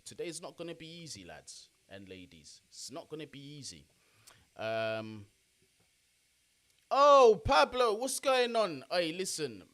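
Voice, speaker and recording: A young man, chatting casually on a football watch-along live stream and giving shout-outs to his chat. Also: medium pitch.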